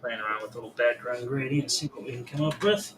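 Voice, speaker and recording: A man's voice: mid-range voice, quick pace, background noise. A man who is a guest artist on a live drawing stream, talking casually and muttering to himself as he works. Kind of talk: casual chat while drawing.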